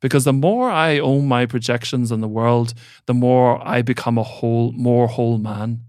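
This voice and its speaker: A man's voice: mid-range voice, normal speed, darkish tone, no echo, studio quality. A man who works as a mentor and coach, speaking as a podcast guest in a thoughtful, grounded way with casual swearing. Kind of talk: reflective conversational talk.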